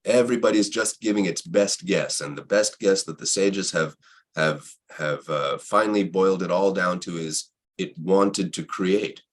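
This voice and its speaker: A man in a reflective spiritual conversation who repeats phrases and asks himself rhetorical questions, with a husky voice. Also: sits low, normal speed, a little hiss or hum.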